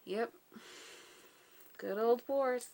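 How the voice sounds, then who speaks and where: A woman's voice: fairly high pitch, drawn-out words, gravelly, dark tone. A woman hosting a casual TV episode recap. She is chatty, says "like" and "so yeah" a lot, and laughs often between points.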